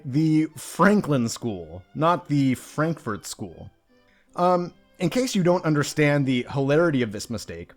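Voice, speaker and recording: A young man reviewing a book in a casual commentary video, talking in a sarcastic, mocking way. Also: a little high.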